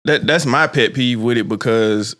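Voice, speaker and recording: A man hosting a casual podcast chat, animated and swearing freely. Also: mid-range voice, normal speed. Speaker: podcast host.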